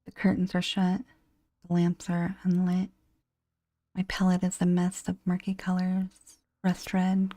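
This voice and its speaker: A woman giving a whispered horror game narration, hushed and anguished, over faint music. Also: lowish voice, monotone, measured pace, no echo. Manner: hushed, anguished first-person storytelling.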